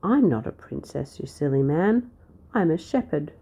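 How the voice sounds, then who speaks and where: A woman's voice: low voice, animated, moderate pace, slightly rough, heavily acted. A woman voicing a mischievous, bossy young girl shepherd in a read-aloud storybook, snapping and telling sweet little lies. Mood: snappy. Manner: sharp, snappy and fibbing sweetly.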